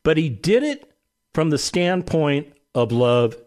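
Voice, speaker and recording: A man hosting a real estate radio show, telling a story in an animated way and acting out the quotes. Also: a little high, slow pace. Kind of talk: talk radio monologue.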